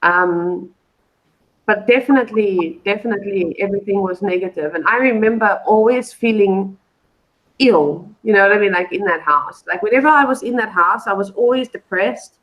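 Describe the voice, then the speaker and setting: A woman chats as a guest on a live show, recounting a story in a casual, meandering way. Her voice sits at a middle pitch for a woman. She loops back with fillers and restarts as she goes. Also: moderate pace, dull audio. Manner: rambling, with many fillers and restarts.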